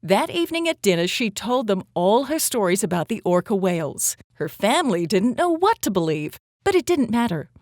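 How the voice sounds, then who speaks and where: A woman reading a children's story aloud in an animated storytelling voice. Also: medium pitch, moderate pace, hardly any pauses, no room sound, clean studio sound. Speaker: storybook reader.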